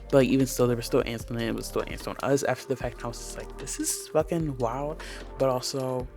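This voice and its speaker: A man's voice: medium pitch, flat delivery, racing, creaky, a little mellow, soft background music. A young man chatting casually over gameplay as a game speedbuild creator, rambling through stories and swearing freely.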